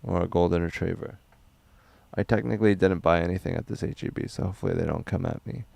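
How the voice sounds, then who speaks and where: A young man livestreaming, reading chat questions aloud in a loose, rambling, crude and deadpan way. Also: sits low, fast, gravelly, dry recording.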